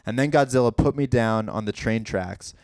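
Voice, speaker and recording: A man's voice: mid-range voice, moderate pace, darkish tone, clear, resonant tone, no echo, clean studio sound. A young man, a comedian from Philadelphia, chatting casually on a podcast, rambling with many fillers and the odd swear word. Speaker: guest comedian.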